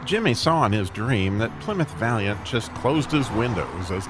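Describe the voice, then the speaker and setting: A man hosting and narrating a story in a lively, folksy way. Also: lowish voice, measured pace, few pauses. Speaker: host and narrator. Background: music.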